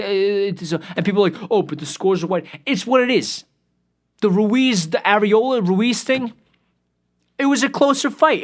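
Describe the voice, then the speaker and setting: Profane, exasperated man ranting. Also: sits high. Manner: exasperated, profane, trailing off into weary mutters. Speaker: podcast host. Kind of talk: ranting commentary.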